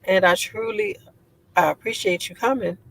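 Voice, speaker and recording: Chatty low-voiced woman on a livestream. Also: moderate pace, creaky, fairly bright tone, low-quality recording. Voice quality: low voice she says sounds like a man's. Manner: chatty and rambling, laughs often, many fillers. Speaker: livestream host. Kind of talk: casual livestream chat reading viewer comments.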